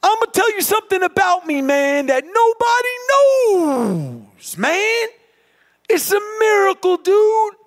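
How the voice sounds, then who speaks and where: A man's voice: extremely high pitch, sing-song, slow, voice pushed up, exaggerated voice. A man imitating his intense, relentless ex-military trainer friend, who keeps saying "man" and pushes hard. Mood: earnest. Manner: pushy, repeats "man" constantly.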